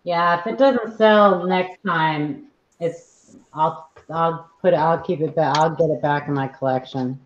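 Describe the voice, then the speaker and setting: Casual live stream chat, relaxed, mid-pitch voice, roomy echo, muffled sound. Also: a little slow, slight background noise.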